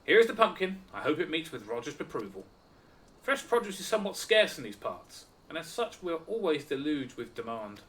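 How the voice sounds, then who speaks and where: Brief: a man doing a prim game produce vendor, precise and courteous, raised bright voice. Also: a little high, sing-song, fairly quick. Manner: precise, alliterative, courteous delivery. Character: polite, wordy market produce vendor. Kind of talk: reading game dialogue aloud in voices.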